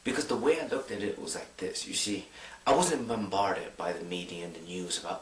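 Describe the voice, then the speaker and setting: A young man talking to camera in a rambling, excited way, full of filler words. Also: low-pitched, a little fast. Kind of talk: casual monologue to camera. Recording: roomy, distant mic.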